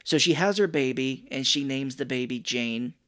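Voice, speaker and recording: A man's voice: medium pitch, moderate pace, a bit bright. A man co-hosting a movie podcast in casual chat, loose and profane, now and then quoting people in put-on voices. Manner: loose and profane, quotes others in funny voices. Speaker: podcast co-host.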